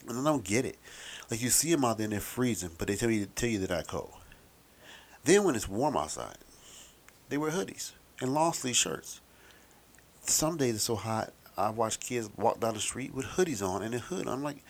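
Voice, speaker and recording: Middle aged dude rambling on, wry and a bit sweary, lowish voice. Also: male voice, very animated, moderate pace, pauses often. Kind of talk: casual monologue.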